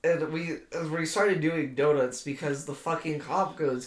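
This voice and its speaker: A man's voice: on the high side, a little slow, hardly any pauses, slight background noise. A young man co-hosting a podcast, telling a story in a sarcastic, swear-heavy way and laughing along as he goes. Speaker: podcast co-host. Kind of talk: casual storytelling among friends. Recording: roomy echo.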